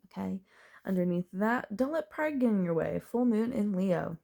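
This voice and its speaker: A woman with a medium-pitched, gravelly, dark voice speaks at a moderate pace in an animated way. She's giving a casual, chatty tarot reading, thinking aloud as she turns the cards and laughing now and then.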